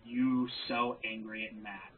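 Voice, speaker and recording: A man's voice: fairly low pitch, flat delivery, unhurried. A man in a played video clip, sarcastically taunting an opponent and mocking his anger. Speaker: rival video maker. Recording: tinny phone-like sound with faint noise.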